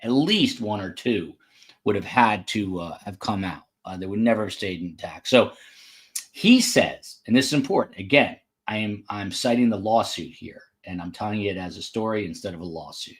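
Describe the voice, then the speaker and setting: A man's voice: on the low side, normal speed. A man hosting a true crime podcast, talking casually from a hotel room with frequent fillers and side remarks. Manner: conversational, with frequent fillers and asides. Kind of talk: casual live commentary.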